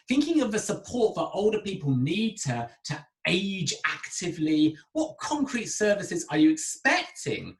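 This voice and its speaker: An Englishman lectures in a recorded lesson, his pitch climbing and dropping with plenty of movement. He talks casually to the class and keeps asking them questions. The room is echoey and roomy. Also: huge pitch swings, a little slow, few pauses. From Britain. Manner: chatty, asks the students direct questions. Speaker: university lecturer.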